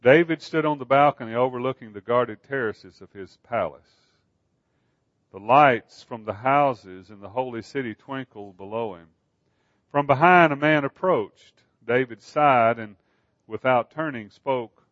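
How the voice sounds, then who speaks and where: A man narrating a book calmly, in a dull, dry recording. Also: medium pitch, dry recording. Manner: slow, calm reading. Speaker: audiobook narrator. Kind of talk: scripted narration.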